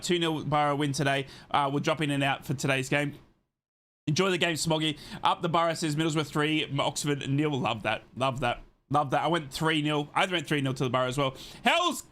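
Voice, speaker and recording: A man's voice: a little high, fairly bright tone. A man hosting a live football watchalong, reading out the lineups and greeting chat viewers by name in an upbeat, chatty way. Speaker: host of a football watchalong stream.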